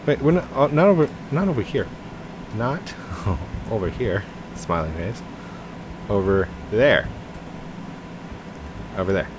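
A man's voice: lowish voice, expressive, slow, long pauses. A man hosting a casual gameplay video, chatty and jokey, laughing and talking to his teammate. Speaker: gaming channel host. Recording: noisy background hum.

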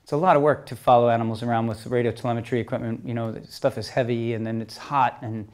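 A middle-aged man telling a story at a talk, lively, moving between loud and soft passages. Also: mid-range voice, fast. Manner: lively storyteller, swings loud and soft, acts out quoted voices. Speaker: speaker telling stories at a talk.

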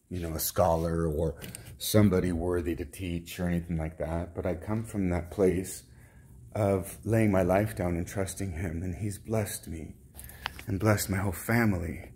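A man speaking as a self-styled prophet in a rambling religious monologue, fervent and halting, with many restarts. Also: on the low side, darkish tone, breathy edge.

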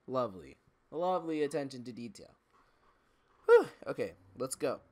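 Animated, joking male gamer. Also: medium pitch, moderate pace. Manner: joking, swearing, laughing asides. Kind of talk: let's play commentary.

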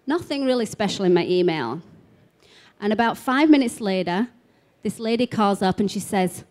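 At an expo talk room, a woman addresses a live audience about spiritual healing, spinning stories in a chatty way peppered with "like" and other casual fillers. Her medium-pitched voice has a darkish tone, lively intonation, and a normal speed.

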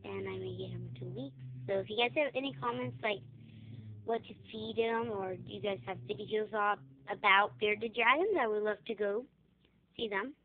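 A woman's voice: medium pitch, moderate pace, a little hiss or hum. Chatty young girl on tinny lo-fi audio. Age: child. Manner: chatty, rambling, excitable. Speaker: vlogger giving a room tour. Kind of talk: casual room tour vlog. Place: child's bedroom, indoors. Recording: tinny lo-fi home camera audio.

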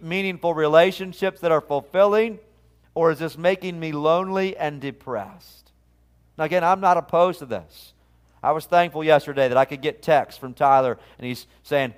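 A man's voice: on the high side, normal speed, smooth. A man, a pastor, preaching a sermon in an earnest, conversational way, often restarting his phrases. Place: church sanctuary.

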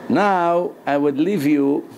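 A man giving a Torah lecture as a rabbi, animated and dramatic, laughing often and acting out quotes. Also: a little high, slow pace, slight background noise.

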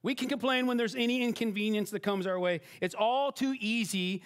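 A middle-aged pastor with a high, brisk voice and a clean tone delivers a sermon. He's chatty and self-deprecating, repeatedly asking "right?" and beginning sentences again.

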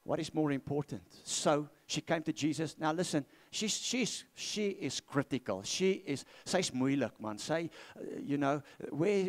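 A man's voice: a little high, animated, measured pace, few pauses. A man preaching a sermon in a church. He repeats his key phrases and asks the congregation to respond. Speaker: pastor.

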